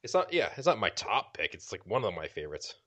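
A man's voice: lowish voice, big pitch swings, fast talker, bright, forceful tone. A man with a Boston accent co-hosting a podcast, chatting in a rambling, jokey way and correcting himself as he goes. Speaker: podcast co-host. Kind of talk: casual chat.

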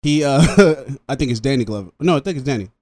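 A man's voice: medium pitch, brisk, dry recording. A man co-hosting a casual podcast chat, telling stories with lots of animation and casual swearing. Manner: animated storyteller, swears freely.

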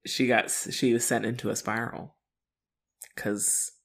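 A podcast co-host in casual chat, joking and acting out characters with loud energy. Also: medium pitch, level tone, unhurried.

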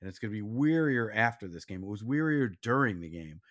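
A man co-hosting a casual sports podcast, speaking earnestly and reflectively, sometimes dropping to a quiet voice. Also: on the low side, animated, brisk. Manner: earnest, reflective, drops to a soft, quiet voice when doubtful. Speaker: podcast co-host.

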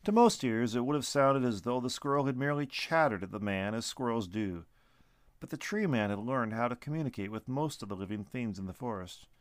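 Expressive male storybook narrator, lively pitch. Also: fairly quick, no echo.

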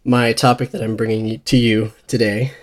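A man's voice: lowish voice, level tone, moderate pace. A young man co-hosting a casual podcast with his best friend, joking around in a playful way. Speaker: podcast co-host. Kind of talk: casual chat.

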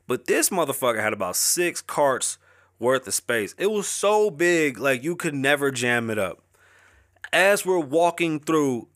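A young man hosts his own show in a casual profane monologue, rambling loosely and swearing constantly as he riffs as a rapper who calls himself an artist. His voice is mid-range with a fairly bright tone, recorded studio-quality with no room sound.

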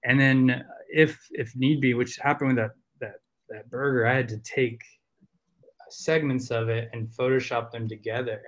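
A man's voice: medium pitch, steady tone, normal speed. A man with a Southern American accent, a podcast guest talking casually and rambling with lots of fillers. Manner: rambling, full of fillers and restarts.

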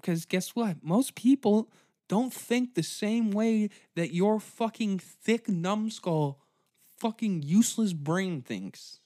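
A man hosting a comedy podcast, delivering a profane, mocking, angry rant that swings between shouting and muttering. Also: high voice, slow, no room sound, studio quality.

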